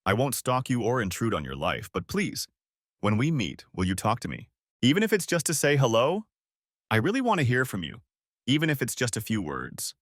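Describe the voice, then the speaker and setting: A man's voice: mid-range voice, huge pitch swings, fairly quick, fairly bright tone, no echo, clean studio sound. A man voicing a remorseful ex-wife who reads out her pleading letter in an earnest, apologetic way.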